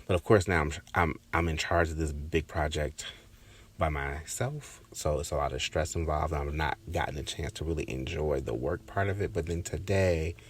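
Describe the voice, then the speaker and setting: A man hosting a podcast, telling a personal story in a casual, reflective, halting way, often restarting his sentences and sometimes dropping to a whisper. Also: rumbling low, breathy edge. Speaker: podcast host.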